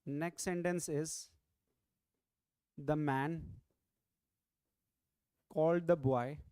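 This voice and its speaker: High-voiced Indian English grammar teacher. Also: male voice, fairly even intonation, extremely slow, darkish tone, clean tone, no room sound. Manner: repetitive, coaxing viewers to comment. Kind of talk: online exam-prep lecture.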